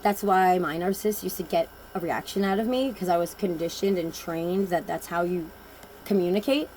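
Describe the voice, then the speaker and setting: A woman's voice: lowish voice, moderate pace, a little mellow, slight background noise, low-quality recording. A woman giving a casual oracle card reading, telling personal stories in a blunt, rambling and emphatic way.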